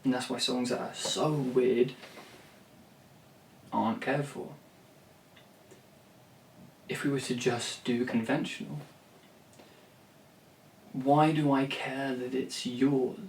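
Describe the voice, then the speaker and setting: A man's voice: mid-range voice, steady tone, slow pace, vocal fry, long pauses, a little mellow, a little hiss or hum. A man rambling to camera about songwriting, blunt and swearing freely, with many restarts. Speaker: songwriter and vlogger. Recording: roomy, distant from the mic, faint ambience.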